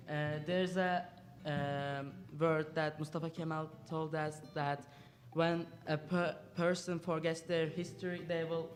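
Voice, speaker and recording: A man's voice: a little high, flat delivery, slow pace. A teenage boy with a Turkish accent, a student guest speaking hesitantly with many fillers. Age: teens. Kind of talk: casual discussion.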